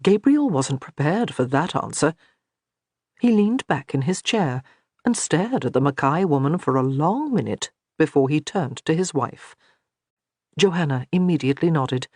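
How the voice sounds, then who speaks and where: A narrator reading a historical romance audiobook in a steady, measured way. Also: medium pitch, dry recording, studio quality. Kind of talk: scripted narration.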